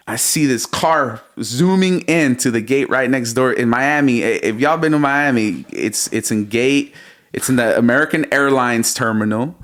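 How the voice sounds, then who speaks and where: Thirties male guest, mid-range voice, spins an excited story with plenty of slang. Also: medium pitch. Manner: animated, slangy storyteller, calls the host bro and dog. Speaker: music producer, podcast guest. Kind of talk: casual storytelling interview.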